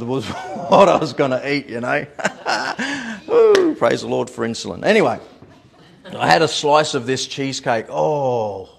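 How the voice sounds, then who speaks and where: A male pastor delivers a sermon in a church with a noticeably high voice. He talks in an animated way, repeats words as he gathers his thoughts, and chuckles through his own anecdotes. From Australia.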